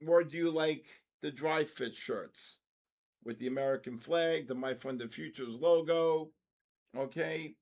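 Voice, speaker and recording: Excitable older man hosting a trading stream. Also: fairly high pitch, measured pace. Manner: excitable, bursts into shouts when markets move. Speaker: trading livestream host. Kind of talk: casual livestream chat.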